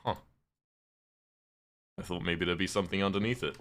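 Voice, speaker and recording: A man's voice: low voice, moderate pace, a bit bright. A man from the UK, streaming a game and chatting casually with viewers, swearing now and then as he answers their questions. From United Kingdom. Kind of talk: casual live-stream chat while gaming.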